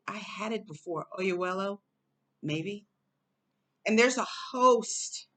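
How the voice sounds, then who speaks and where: A woman vlogger from the United States talks to camera in a loose, musing way, with fillers and the odd laugh. Her voice sits a little low and she takes her time. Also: a bit bright. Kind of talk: casual commentary to camera.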